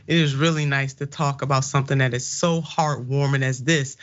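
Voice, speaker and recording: A woman's voice: deep voice, brisk, few pauses. A woman hosting a political commentary show, exuberant and folksy, talking straight to her viewers. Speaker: host. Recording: slightly muffled, lo-fi audio.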